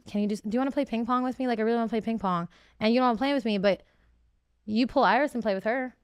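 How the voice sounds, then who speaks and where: A woman's voice: mid-range voice, clean tone, no echo, studio quality. A woman, a reality show contestant, talking candidly in a podcast interview, emotional and rambling with many fillers and restarts.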